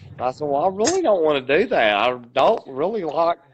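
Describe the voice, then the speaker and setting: A man's voice: on the high side, very animated, a little fast, breathy edge. Rambling, swearing male podcast host. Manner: rambling storyteller, swears a lot. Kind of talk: casual podcast chat. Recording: dull lo-fi podcast audio.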